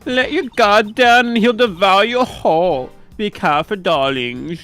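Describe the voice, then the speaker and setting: A man's voice: high voice, unhurried, fairly bright tone, soft background music. A man voicing a stern, theatrical female prison warden with a put-on German accent and a drawling, purring manner, in an improvised comedic game dub. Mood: menacing, purring. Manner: drawling, purring, calls people darling.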